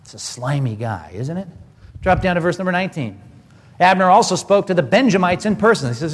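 A man's voice: sits high, lively intonation, fairly quick, long reverb tail. A pastor giving a conversational sermon, asking rhetorical questions as he preaches.

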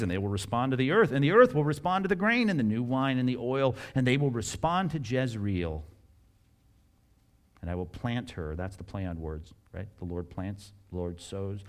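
A man preaching a sermon, reading scripture aloud and breaking in with lively asides and small laughs, dropping to a soft, low voice for the tender lines. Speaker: pastor.

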